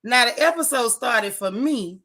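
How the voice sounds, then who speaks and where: Lady gossiping on a livestream, sassy, kinda high pitched. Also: lively intonation, measured pace, bright, forceful tone. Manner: sassy, chatty, greets viewers. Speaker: host. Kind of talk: casual live-stream chat.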